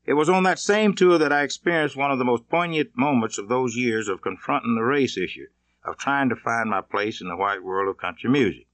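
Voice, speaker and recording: Man narrating his own life story, plain and measured, mid-range voice, dry close sound. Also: medium pitch, fairly bright tone, no echo. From Mississippi, US. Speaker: author reading his memoir. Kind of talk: audiobook narration.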